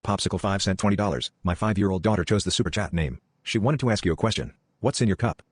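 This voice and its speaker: A man reading viewer donation messages aloud in a flat, rushed way, straight through without pause. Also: low-pitched, no echo. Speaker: message reader.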